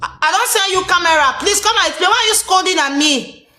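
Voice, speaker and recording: A woman's voice: very high voice, quick pace, pushed and bright, roomy sound. A woman with a Nigerian accent hosting a live stream, flustered and pleading as she switches between English and pidgin.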